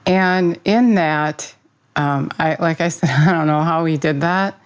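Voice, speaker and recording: This woman's voice sits low and carries a clear, resonant tone, and she talks a little slowly on a low-quality recording. Her informal devotional talk begins with a prayer and moves into her faith. She comes across as earnest and conversational, with fillers and self-corrections.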